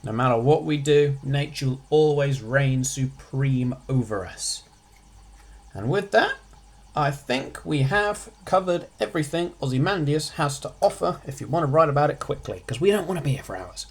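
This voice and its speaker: Husky jokey man explaining poetry. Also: fairly high pitch, lively intonation. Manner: jokey, with quick sarcastic asides. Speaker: revision tutor. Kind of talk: casual revision lesson.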